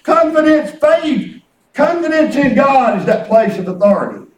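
A preacher with a strikingly high voice delivers a fervent, folksy sermon full of humor and repetition. He speaks from some distance from the mic in a reverberant church room. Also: animated, normal speed. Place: church sanctuary.

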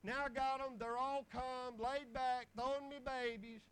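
A man's voice: very high voice, flat delivery, a little slow, a bit bright, clean tone, low-quality recording. A man preaching a folksy sermon, telling homespun stories and chuckling along the way.

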